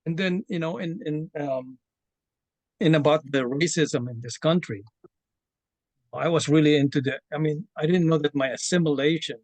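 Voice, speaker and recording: A man from the Philippines with a Filipino accent, sharing a personal story in an online session, earnest and halting with many fillers and restarts. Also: a little high, a little mellow, dry recording. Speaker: community member sharing his story. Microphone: video call.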